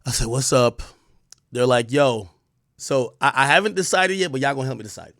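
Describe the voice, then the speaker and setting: A man hosting a live stream, telling a story in animated casual talk with swearing and laughter. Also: mid-range voice, fast talker, no echo, clean studio sound.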